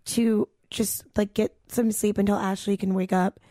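A young woman telling a story in casual chat, animated, peppered with "like" and "dude" and swearing freely. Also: medium pitch, normal speed, dry recording, studio quality.

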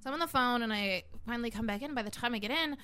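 A young woman co-hosting a podcast, telling a night-out story with a lively, laughing manner and casual swearing. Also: a little high, rapid-fire, smooth, no room sound. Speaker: podcast co-host.

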